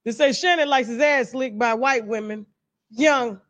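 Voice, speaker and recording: High-voiced woman doing loud, mocking commentary. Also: moderate pace. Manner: loud, animated and mocking, with laughs and emphatic repeats. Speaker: commentary host. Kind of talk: casual reaction commentary.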